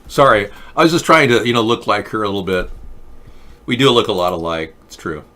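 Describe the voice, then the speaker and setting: A middle-aged man with a somewhat low voice, talking in a forceful, pressing tone. He hosts a talk show and rambles through a mock-earnest monologue, keeping a deadpan manner throughout. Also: fairly quick.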